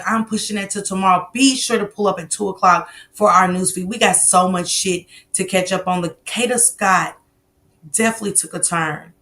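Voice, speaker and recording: A woman with a mid-range voice hosts a casual live stream, telling stories loudly and animatedly, full of slang and swearing.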